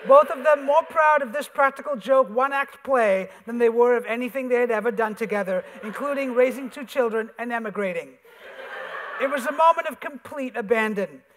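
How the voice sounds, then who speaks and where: A man, an author, reading his comic essay aloud on a theater stage with wry, animated storytelling. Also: very high voice. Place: theater stage before an audience. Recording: reverberant theater hall.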